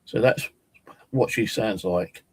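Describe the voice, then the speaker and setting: A man casually demonstrating ghost apps, rambling and hesitant with many pauses. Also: fairly low pitch, husky, no echo, low-quality recording. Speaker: paranormal vlogger.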